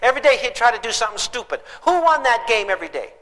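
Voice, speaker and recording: A man's voice: extremely high pitch, big pitch swings, very fast, sharp tone. An older man giving a parenting talk to an audience, telling folksy stories with joking asides. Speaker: parenting speaker. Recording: echoey hall recording.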